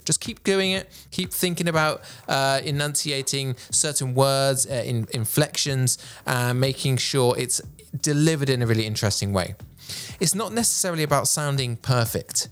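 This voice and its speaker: On his podcast about presenting, the host speaks at normal speed in a medium-pitched voice, projecting with energy and enunciating carefully and clearly. He uses a studio microphone.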